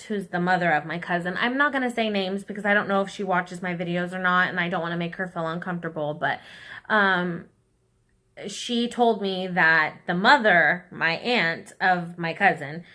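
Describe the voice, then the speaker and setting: A young woman speaks straight to her viewers, candid and heartfelt. Her voice is bright and forward, sitting in an ordinary middle register. At times she sounds close to tears. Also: medium pitch. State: tearful at times. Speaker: vlogger. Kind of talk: emotional personal vlog.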